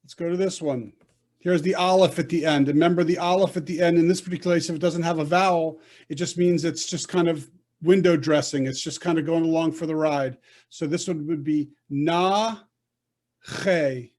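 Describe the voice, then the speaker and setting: Teaching Hebrew reading online over a video call, a man patiently coaches his students and sounds out syllables. His voice is on the high side, with a steady, darkish tone, and his manner is slow and deliberate.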